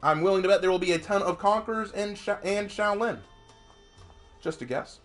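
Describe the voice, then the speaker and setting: Excitable man chatting through a game stream. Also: high voice, moderate pace, soft background music. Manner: chatty, excitable, laughs often, talks to himself. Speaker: game streamer reading chat. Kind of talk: live gameplay commentary.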